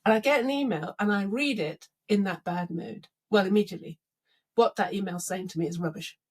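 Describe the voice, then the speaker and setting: A woman's voice: mid-range voice, brisk, breathy edge. A middle-aged woman leadership coach in a podcast interview, telling stories and acting out both sides of conversations. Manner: animated storytelling, acts out dialogue.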